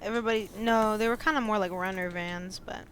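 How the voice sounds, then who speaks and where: A young American woman on a podcast, telling animated stories and laughing often. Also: medium pitch, quick pace, a crowd in the background. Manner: animated storyteller, laughs often, says "like" and "dude". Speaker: podcast co-host. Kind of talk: casual chat.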